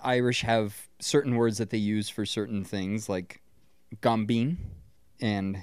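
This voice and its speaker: A man's voice: lowish voice, fairly even intonation, unhurried, a little mellow, clean tone, dry recording. A Scottish man co-hosting a podcast, riffing about a movie in a rambling way and swearing freely. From Scotland. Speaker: podcast co-host. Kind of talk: casual movie commentary chat.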